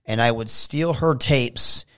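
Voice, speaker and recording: Speaking slowly in a mid-range voice, this pro wrestler from Saginaw, Michigan is a guest on a laid-back interview. He's an animated, enthusiastic storyteller.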